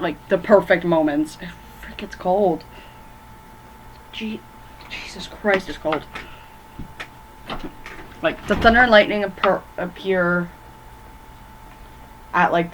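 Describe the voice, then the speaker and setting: Slow and pausing often, a woman with a lowish voice speaks over a rough recording with a little hiss or hum. She rambles from her bedroom while ranking horror movies, leaning on fillers and forgetting names along the way.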